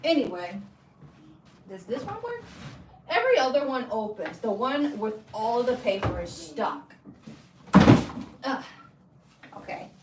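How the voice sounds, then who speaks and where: A woman vlogger talking slowly to herself, her pitch rising and falling a lot. She is recorded from a distance in an echoey room with faint ambience behind her. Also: big pitch swings, very noisy. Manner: chatty and exasperated, talking to herself while fiddling with things. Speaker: vlogger and crafter. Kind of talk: casual vlog chat.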